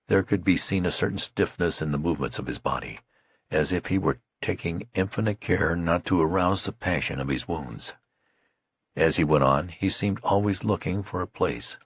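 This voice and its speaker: A man reading a novel aloud as an audiobook narrator in a measured, deliberate way. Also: a bass voice, slightly rough, no echo, clean studio sound.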